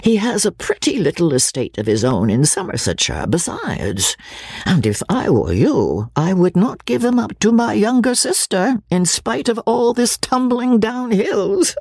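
A woman's voice: mid-range voice, very animated, a little slow, darkish tone, husky, no echo, clean studio sound, voice pushed up, full character voice. A woman voicing a hearty, blustering older country squire who talks in a boisterous, gossipy way. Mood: jovial.

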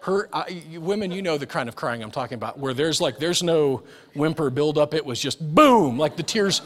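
Pastor in his forties, preaching with a lively, joking storyteller's touch; voice sits a bit high and rings out in a reverberant church hall. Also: a little fast. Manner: storytelling with humor, acts out quoted voices. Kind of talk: sermon. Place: church sanctuary.

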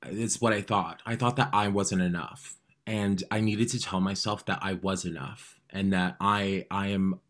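Bright-voiced man, candid and animated. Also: lowish voice. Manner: animated, many restarts, acts out his inner voice loudly. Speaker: podcast guest, drag performer. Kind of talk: candid interview talk.

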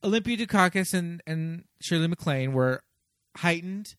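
Lively, chatty male podcast host. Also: fairly high pitch, moderate pace, clear, resonant tone, no room sound, studio quality. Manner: animated, chatty, hedging with "I mean". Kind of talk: casual movie discussion.

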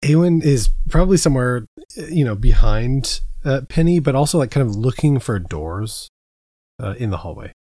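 Husky, joking tabletop player. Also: medium pitch, expressive, moderate pace, mellow, dry recording. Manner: loose, joking, trash-talking. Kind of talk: tabletop game play.

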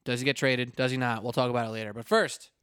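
A man in the host's chair of a casual sports podcast, talking loosely and joking, with plenty of restarts and asides. His voice is smooth and resonant, recorded dry and close with no room sound. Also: medium pitch, little pitch movement, rapid-fire, a bit bright, no room sound. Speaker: podcast host. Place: indoors at a table with a co-host.

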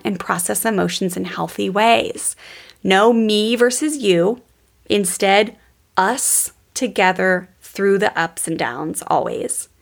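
A woman hosts a podcast in a chatty, upbeat way and keeps calling out to "you guys." Her medium-pitched voice carries a steady vocal fry. Her delivery is loose and conversational. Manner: enthusiastic, chatty, addresses listeners as "you guys". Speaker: podcast host and parenting coach. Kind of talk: casual podcast talk.

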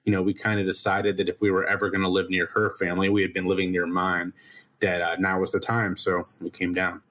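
A man from Ohio with a fairly low voice, talking as a guest in a relaxed interview. He is blunt and wry, doubling words as he restarts his sentences. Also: quick pace. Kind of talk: casual interview chat.

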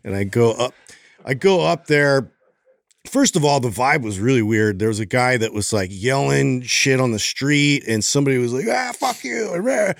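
A man on a podcast telling a long, rambling story and jumping into little voices for the people in it. His voice is mid-pitched, and the room is dry and close. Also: moderate pace, no room sound. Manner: animated, acts out voices in his stories. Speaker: podcast co-host. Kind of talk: casual storytelling chat.

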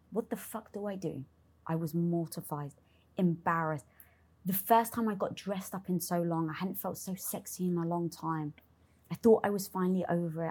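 With a voice on the low side and a breathy edge, a young woman being interviewed shares a frank personal story. She curses a lot and voices her inner thoughts aloud as if performing them.

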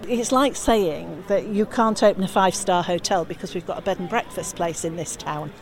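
A woman speaking for a campaign group, answering interview questions firmly and setting the record straight, recorded outdoors. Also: lowish voice. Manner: firm, quick to correct.

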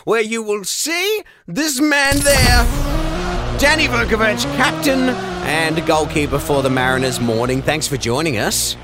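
Brief: male radio host, animated pitch, playful and quick to laugh. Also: loud music behind the voice. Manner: lively and jokey, laughs often. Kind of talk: casual breakfast radio chat.

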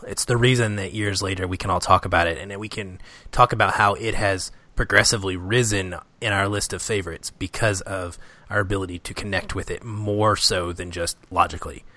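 Man, low voice, sharp bright tone, earnest and agreeable, casual film talk. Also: no room sound.

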